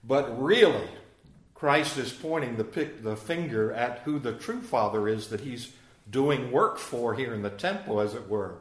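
A man teaches through a scripture passage in an easy, conversational way, pausing to put questions to his listeners. His voice sits at an ordinary middle pitch for a man. The sound carries a roomy echo. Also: expressive. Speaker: Bible teacher. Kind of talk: verse-by-verse Bible teaching.

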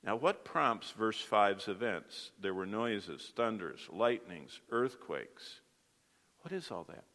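Bible teacher, man, lowish voice, asks the class questions, long reverb of a hall. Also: animated, takes it slowly, fairly bright tone. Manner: explains with everyday comparisons, asks the class questions. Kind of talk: Bible study lesson.

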